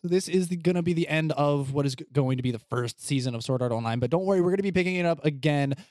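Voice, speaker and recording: Relaxed male game master, dry sound. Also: a little high, no echo. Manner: easygoing, with frequent filler pauses. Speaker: game master and podcast host. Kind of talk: narrating a tabletop game podcast.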